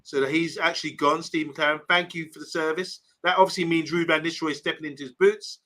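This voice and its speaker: A man's voice: a little high, steady tone, quick pace, sharp tone, rough recording. A man hosting a casual live stream, reading viewer comments aloud and rambling between topics. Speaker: host.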